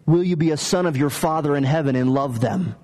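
A man's voice: on the high side, brisk, a little mellow. A man preaching a conversational sermon, telling stories and asking the listeners questions. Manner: conversational, story-driven preaching with asked questions. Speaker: pastor.

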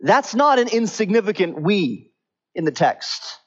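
A man preaching a sermon with slow, stressed phrases. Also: sits high, sing-song. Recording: slightly dull lo-fi recording.

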